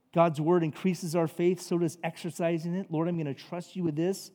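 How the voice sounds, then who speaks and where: A man preaching a sermon as pastor, animated and conversational, acting out voices in his stories. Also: on the high side, moderate pace, hardly any pauses. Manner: animated, acts out quotes, conversational asides. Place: church sanctuary. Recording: long reverb of a large hall.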